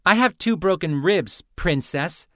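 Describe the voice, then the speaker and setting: A man's voice: mid-range voice, animated, unhurried, a bit bright, clean tone, no echo, studio quality, pitched above the performer's own voice. A man doing a condescending young woman.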